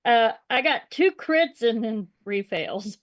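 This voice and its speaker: Slow-spoken woman player. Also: fairly high pitch, animated. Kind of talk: playing a tabletop game.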